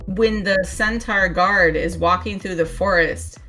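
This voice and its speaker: A woman's voice: fairly low pitch, measured pace, pushed and bright, soft background music. A woman co-hosting a gaming podcast, gushing with enthusiasm and plenty of fillers in casual chat. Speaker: podcast co-host.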